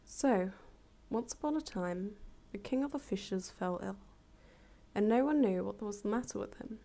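A woman tells a fable aloud in a relaxed, chatty way, stopping now and then to correct herself. Her voice has a gravelly fry and a mellow, dark tone. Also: medium pitch, normal speed. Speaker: storyteller. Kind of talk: fable read aloud with casual asides.

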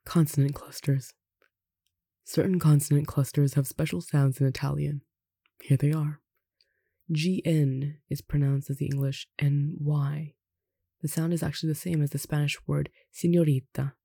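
A language tutor reading a pronunciation lesson aloud in an unhurried way, slowly spelling out examples and adding light asides. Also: medium pitch, flat delivery, creaky, mellow, husky, no room sound, clean studio sound. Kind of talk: reading an instructional text aloud.

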